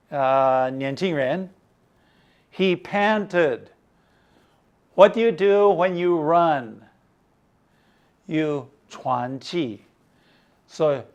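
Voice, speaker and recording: A man teaching English slowly, reading a story aloud and explaining each phrase, sometimes giving the word in Chinese, and clearing his throat now and then. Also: fairly high pitch, lo-fi sound. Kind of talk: slow explanatory lesson for Chinese-speaking learners.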